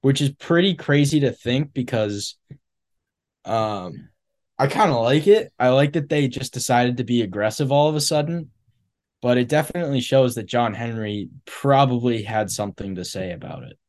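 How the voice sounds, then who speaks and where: Low-key man co-hosting a chat. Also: animated, normal speed, a little mellow. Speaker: podcast co-host. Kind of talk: casual sports chat.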